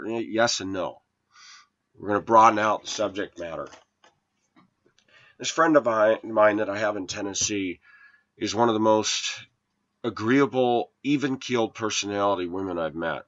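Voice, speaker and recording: A man's voice: on the low side, fairly quick, fairly bright tone, dull audio. A man telling a personal dating story to his viewers, aggrieved and quoting texts and calls word for word. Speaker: video blogger.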